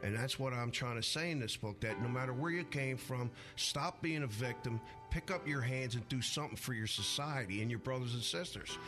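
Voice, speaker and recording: An older man speaks with earnest pride about labor and his union, now and then tripping over a word. Music plays clearly beneath his voice, and his pitch sits in the middle range. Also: a little fast, hardly any pauses. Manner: earnest, proud, stumbling over words. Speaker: retired union member and author. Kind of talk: recorded interview clip. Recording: music underneath.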